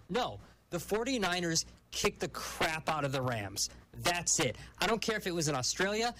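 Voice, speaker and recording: A man's voice: fairly high pitch, animated, normal speed, hardly any pauses, fairly bright tone, poor audio. A man co-hosting a sports radio talk show, emphatic and exasperated as he hammers home his opinions.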